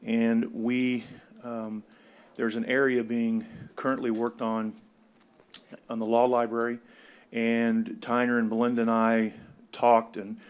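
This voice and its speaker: A man's voice: mid-range voice, completely flat delivery, slow, smooth. A man serving as county commissioner hesitantly presents a motion at a public meeting, with many fillers. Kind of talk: formal remarks at a public meeting.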